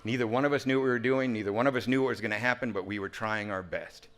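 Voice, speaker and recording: A man in his fifties giving a humorous, animated personal speech at a recovery reunion. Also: medium pitch, fast. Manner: animated, humorous, full of sound effects. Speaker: recovery talk speaker.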